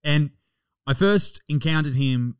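A man's voice: a little high, takes it slowly, clean tone. An Australian man hosting a podcast, joking and swearing in casual banter. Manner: sweary, jokey, laughing. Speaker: podcast host.

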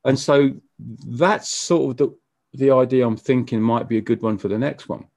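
A man being interviewed as a musician, talking casually in a halting way with frequent stammered restarts. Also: mid-range voice, fairly even intonation, gravelly, a little mellow, no room sound. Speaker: musician guest.

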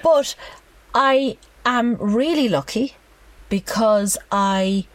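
An Irish woman co-hosting a casual chat, telling candid stories in an animated way. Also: on the high side, drawn-out words, poor audio.

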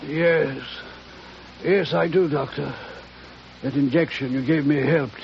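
A man's voice: on the high side, steady tone, slow, vocal fry. An actor playing a nervous, evasive male ship owner in a 1940s radio drama, hesitant and stammering. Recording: dull old radio recording with hiss.

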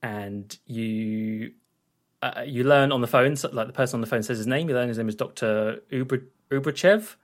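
A man's voice: medium pitch, normal speed. Rambling man recapping a film. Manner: rambling, hesitant, recaps scenes with frequent fillers. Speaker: podcast co-host. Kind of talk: casual film recap chat.

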